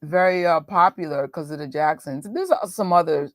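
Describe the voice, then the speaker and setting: Casual New York woman in her thirties, talky stream host, low register, no room. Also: normal speed, dry recording, clean studio sound. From New York, USA. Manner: chatty, laughing, quotes voices. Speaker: watch party host. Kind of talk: casual chat with live viewers.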